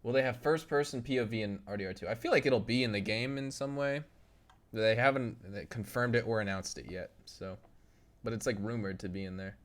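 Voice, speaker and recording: A mid-range, brisk-voiced young man hangs out with viewers on a live stream, keeping it loose. He reads their chat aloud, laughs often and tries some impressions.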